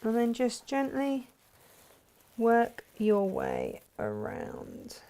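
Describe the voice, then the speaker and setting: Her voice is on the high side and dark in tone, with huge pitch swings and an extremely slow delivery. A sewing vlogger who owns a shop, she talks through her project step by step, casual and self-mocking, pausing occasionally as she focuses on the work.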